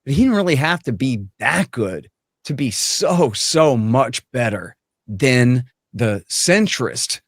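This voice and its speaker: A man's voice: mid-range voice, no echo. Blunt, emphatic man with a dry, close sound. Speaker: guest commentator. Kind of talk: political commentary.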